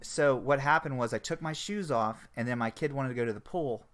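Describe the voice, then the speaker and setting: A middle-aged man co-hosting a casual podcast, ranting in an animated, exasperated way with plenty of profanity. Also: medium pitch, a little fast. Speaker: podcast co-host. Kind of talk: casual chat.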